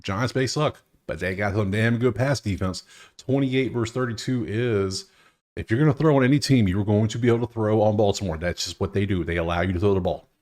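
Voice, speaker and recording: A young man hosting a casual sports betting breakdown, loose and thinking out loud, swearing now and then. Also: fairly low pitch, fairly quick. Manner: loose, talking to himself, swears.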